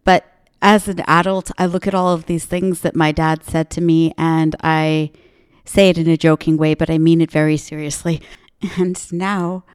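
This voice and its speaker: A woman's voice: deep voice, level tone, moderate pace, clean tone. A woman hosting a podcast, speaking into a microphone in an emphatic motivational monologue with punchy repeated slogans. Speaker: podcast host.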